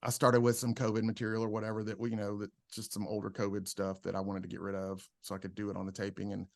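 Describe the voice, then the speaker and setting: A man's voice: on the low side, fast, creaky, dry recording, studio quality. A man who is a comedian, telling stories in a casual podcast chat and acting out the people he quotes. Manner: animated storyteller, acts out quotes. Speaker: comedian guest.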